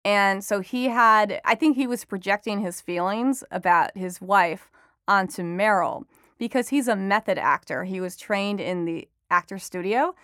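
A woman's voice: medium pitch, unhurried, dry recording, clean studio sound. Chatty woman reporter telling stories. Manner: chatty, animated storytelling with frequent laughs. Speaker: entertainment reporter and author, interview guest. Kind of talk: conversational interview.

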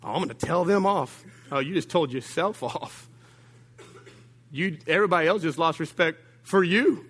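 A male pastor preaching a sermon, telling humorous stories with sudden jumps in pitch and loudness and calling out to the congregation. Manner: humorous, animated storytelling with big swings of pitch and volume; addresses the congregation directly with call-outs.

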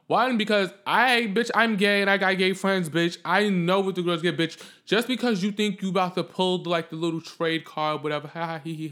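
A man with a somewhat high voice talks solo on his own podcast, unscripted. He is blunt, profane and sassy. He jumps from loud outbursts to low muttering. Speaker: podcast host.

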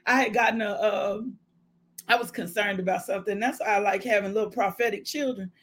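A woman hosting a devotional podcast, preaching with exuberant shouts, whoops and call-and-response. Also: mid-range voice, fairly even intonation, fairly quick.

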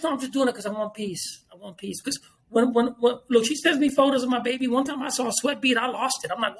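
Fast-talking emphatic man. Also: extremely high pitch, a little hiss or hum. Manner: animated, emphatic, repeats himself, swears freely. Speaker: podcast guest. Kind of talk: casual podcast chat.

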